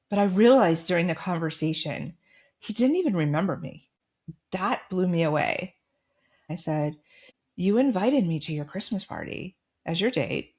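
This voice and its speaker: A middle-aged woman hosting a podcast, telling a personal story and giving advice in a calm, firm, direct way. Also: fairly low pitch. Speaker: podcast host.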